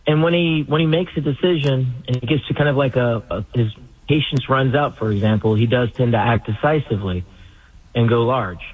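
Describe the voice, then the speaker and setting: Husky guy on a thin phone line, calm expert guest explaining stuff. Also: mid-range voice. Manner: measured, explanatory. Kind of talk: radio phone interview.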